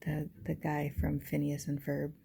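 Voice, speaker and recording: A book vlogger rambling casually to camera about books, self-deprecating and full of "like" fillers. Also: female voice, low voice, monotone, unhurried, vocal fry, mellow, a little hiss or hum.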